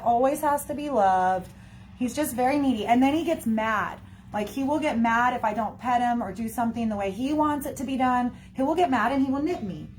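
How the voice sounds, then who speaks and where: A woman's voice: fairly high pitch, a little mellow, slight background noise. A woman chatting casually to her viewers in a rambling way, full of fillers and "y'all". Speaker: livestreamer talking to viewers. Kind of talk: casual chat.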